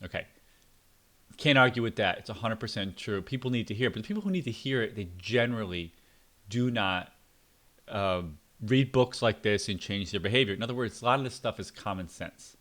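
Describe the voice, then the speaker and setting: A middle-aged man talks through a book review in a casual, unscripted way. His voice sits a little low, and his delivery is blunt and opinionated, with plenty of fillers and side remarks. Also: animated, a little fast, fairly bright tone. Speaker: book reviewer and parenting channel host.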